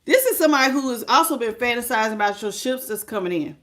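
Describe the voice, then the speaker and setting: On a live stream, a woman reads tarot in a voice on the high side with lively intonation and a quick pace. She speaks straight to the listener and greets viewers by name, using sweetheart and baby.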